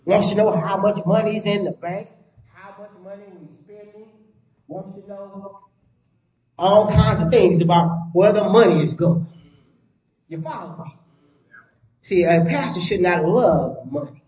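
A high-pitched man preaches a sermon in a folksy call-and-response style, often asking the congregation "you follow me?" and sometimes dropping to a soft, calm tone. The church recording sounds roomy and dull.

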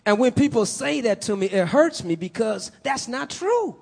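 Man, high voice, preaching a sermon, swells of emphasis, questions for the congregation. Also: lively intonation, moderate pace, vocal fry, few pauses.

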